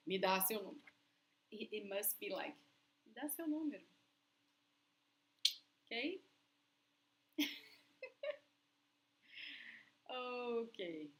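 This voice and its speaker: A young adult woman with a Brazilian Portuguese accent, a native Portuguese speaker giving a language lesson in a slow, careful way and laughing often. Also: mid-range voice, a bit bright, slight background noise, low-quality recording. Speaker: language teacher.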